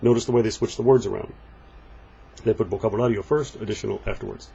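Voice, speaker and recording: A man walking through a Spanish textbook page, patiently explaining and reading the example phrases slowly. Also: fairly low pitch, fairly even intonation, gravelly, dark tone, husky, dull audio. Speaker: Spanish teacher. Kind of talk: textbook walkthrough lesson.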